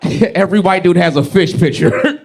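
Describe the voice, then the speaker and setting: A man's voice: high voice, normal speed, darkish tone. A male stand-up comedian telling dating stories and acting out people. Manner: storytelling, acts out people.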